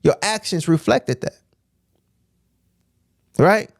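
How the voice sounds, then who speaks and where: A man with a fairly high voice gives informal preaching on a livestream, punchy and repetitive, often pausing to ask "right?". His voice is close and dry, with no room sound. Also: lively intonation, gravelly, no echo. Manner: emphatic, repetitive, keeps asking "right?". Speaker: streamer teaching scripture.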